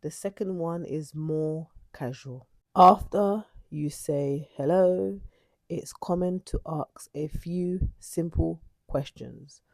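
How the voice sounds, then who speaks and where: A woman's voice: low voice, slow, creaky, a little mellow, no echo. A woman teaching an English lesson for learners, speaking in a patient, instructive way.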